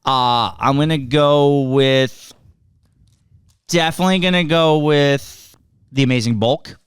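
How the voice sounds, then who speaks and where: A man's voice: fairly high pitch, takes it slowly, smooth, no echo, clean studio sound. A man co-hosting a movie review podcast in casual chat, who often repeats words as he gets going. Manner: repeats words as he starts sentences. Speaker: podcast co-host.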